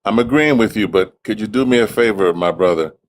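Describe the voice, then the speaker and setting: A man in his sixties from Chicago, a caller in a live-stream debate who speaks calmly and steadily in a deep, radio-like voice. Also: a little hiss or hum. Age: 60s. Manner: calm, measured, deep radio-like voice.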